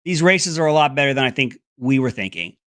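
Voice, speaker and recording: A man hosts an opinionated political commentary segment in a fast, sing-song, fairly bright voice, mocking and sarcastic throughout and breaking into high mimicking voices. The sound is clean studio audio with no echo.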